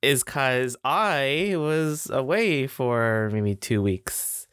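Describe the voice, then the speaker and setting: A man's voice: medium pitch, animated, extremely slow, a bit bright, clear, resonant tone, no echo, studio quality. A man co-hosting a casual chat podcast, telling travel stories in a rambling way and laughing often. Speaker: podcast co-host.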